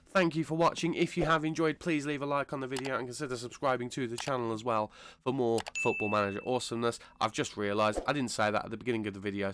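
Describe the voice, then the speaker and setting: A British man hosting a gaming channel, talking through a let's-play while unwell with a cold, chatty and rambling, correcting himself and bursting into excitement. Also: mid-range voice, background noise. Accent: British English. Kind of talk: casual let's-play commentary.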